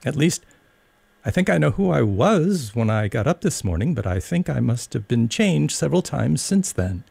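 A polite, shy young girl from a storybook, as a man reading aloud puts her on. Her voice sits far above the reader's own and moves in a lively way, with a husky, gravelly grain underneath. She talks in a careful, hesitant manner. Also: medium pitch, moderate pace, no room sound, pitched above the performer's own voice, heavily acted. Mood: polite, earnest.

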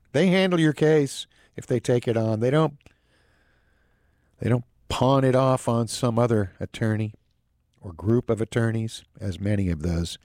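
A man's voice: fairly low pitch, darkish tone, dry recording, studio quality. A man hosting a local news show and weather forecast, reading in a casual way with wry, jokey asides.

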